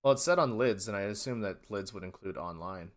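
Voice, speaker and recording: A man's voice: lowish voice, brisk. Man trading dry jokes on a stream. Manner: dry, joking banter. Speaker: podcast co-host. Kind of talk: casual live-stream chat.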